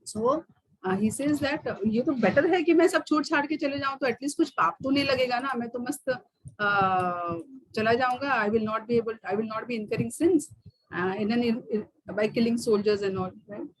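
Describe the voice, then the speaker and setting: A woman's voice: a little high, very fast, poor audio. A woman with an Indian accent teaching a scripture course, mixing in stories, with frequent fillers. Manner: code-switches between English and Hindi, storytelling, many fillers. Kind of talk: online course lecture.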